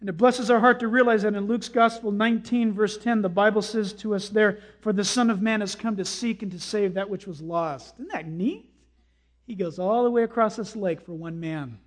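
A pastor preaches to his congregation in a high, light voice at a moderate pace. His delivery is dramatic, leaping into sudden shouts and dropping to a hush as he acts out the lines he quotes.

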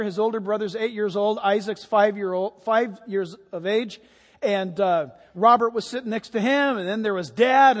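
Male pastor, unusually high voice, chatty storyteller in a reverberant sanctuary. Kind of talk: sermon with anecdotes. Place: church sanctuary.

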